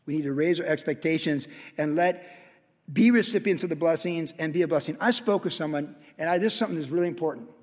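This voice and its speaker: A man's voice: on the high side, fast. A male pastor preaching a sermon with impassioned storytelling. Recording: long hall reverb.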